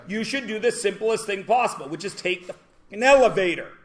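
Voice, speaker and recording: Canadian male math teacher, slightly high voice, chatty question-and-answer classroom patter. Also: lively intonation, fairly quick, slight background noise.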